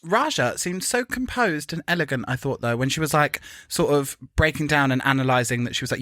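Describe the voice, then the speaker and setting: Man, camp and sarcastic, pitch leaping up and down, dry close sound. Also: expressive, fairly quick, hardly any pauses, pushed and bright, dry recording. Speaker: podcast co-host. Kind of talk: casual chat.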